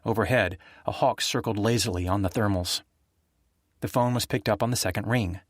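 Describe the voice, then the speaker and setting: Steady male audiobook narrator, dry sound. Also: lowish voice, normal speed, dry recording. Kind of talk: scripted narration of a thriller.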